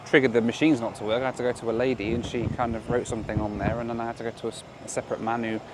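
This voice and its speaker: A man's voice: mid-range voice, level tone, very fast, noisy background. A man in his thirties, casually vlogging his travels to the camera in a chatty, upbeat way.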